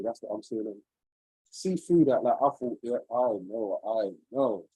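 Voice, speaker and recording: A man's voice: medium pitch, lively intonation, a little slow, warm tone, husky, no room sound, low-quality recording. A man on a video call, sharing a personal story in an earnest, searching, rambling way. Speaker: webinar participant.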